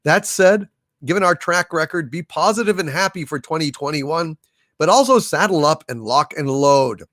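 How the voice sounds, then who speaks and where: A man hosting a livestream, slowly reading out viewers' messages and thanking them, with many fillers and restarts. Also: a little high, lively intonation, fairly bright tone, no room sound, studio quality. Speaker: livestream host reading super chats. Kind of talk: casual livestream chat.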